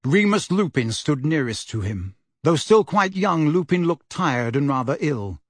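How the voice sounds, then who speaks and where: Male audiobook narrator, lively and expressive, slightly husky, close and dry. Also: fairly high pitch, measured pace, no echo. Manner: expressive, animated reading. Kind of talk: storybook narration.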